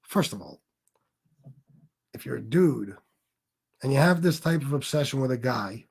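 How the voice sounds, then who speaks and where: A man's voice: medium pitch, lively intonation, unhurried, gravelly, husky. A man hosting a casual livestream, talking bluntly with lots of cursing, repeating himself and restarting sentences as he reads chat comments. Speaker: livestream host.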